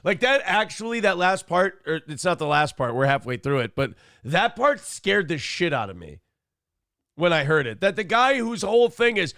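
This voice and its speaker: Male morning show host, rough gravelly tone, profane and animated, dry studio sound. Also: high-pitched, normal speed, dry recording. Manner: profane, animated, mimics others in loud bursts. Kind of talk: casual podcast commentary.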